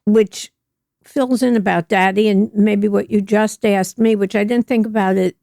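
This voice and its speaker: Gravelly older woman with a Jersey accent. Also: mid-range voice, steady tone, moderate pace, mellow, dry recording, studio quality. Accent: New Jersey. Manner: earnest and reflective. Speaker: guest. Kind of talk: casual interview conversation.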